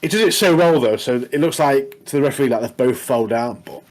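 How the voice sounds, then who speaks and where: A man's voice: mid-range voice, a little fast, low-quality recording. A man recapping a show on a casual podcast. His talk rambles along, full of tag questions like "doesn't he" and "mate". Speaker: podcast co-host. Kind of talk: casual chat recapping a TV episode.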